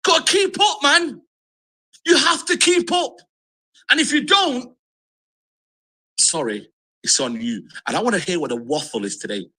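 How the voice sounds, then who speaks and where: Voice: medium pitch, animated, measured pace, pauses often, pushed and bright, poor audio. A football fan in a ranting video clip, speaking in an emphatic, repetitive, frustrated way.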